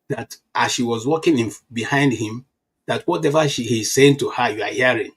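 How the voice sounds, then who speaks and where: A Nigerian man in his fifties holds forth in a casual political chat. His voice is husky and sits at an ordinary pitch, and he tells his stories with animated restarts. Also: moderate pace. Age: 50s. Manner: animated storytelling with frequent restarts.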